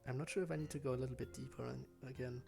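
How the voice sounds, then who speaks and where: The gameplay streamer talks in a racing, medium-pitched voice that is gravelly and warm, with fairly even intonation and faint music in the background. Chatty and self-deprecating, he narrates his play casually and pokes fun at his own character voices.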